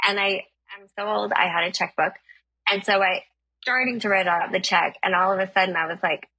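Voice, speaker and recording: A woman telling a comic story on a podcast, animated and swearing as she acts out the dialogue. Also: medium pitch, brisk, no echo, muffled recording. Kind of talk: comedic storytelling.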